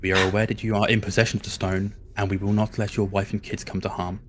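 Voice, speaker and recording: A man playing a tabletop game, speaking in a polite, measured way in character. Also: fairly low pitch, level tone, noisy background. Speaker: player.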